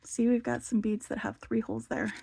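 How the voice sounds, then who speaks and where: Chatty woman with a gravelly edge. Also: fairly high pitch, lively intonation, brisk, mellow, a little hiss or hum. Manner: chatty and enthusiastic, with many "like" fillers. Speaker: beading channel host. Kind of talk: casual show-and-tell vlog.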